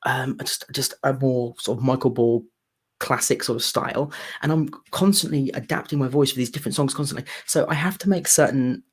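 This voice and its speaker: A man, hosting a casual live chat about singing theatre songs, talking quickly with frequent restarts. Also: mid-range voice, slightly rough. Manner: chatty, many restarts. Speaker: theatre singer and channel host.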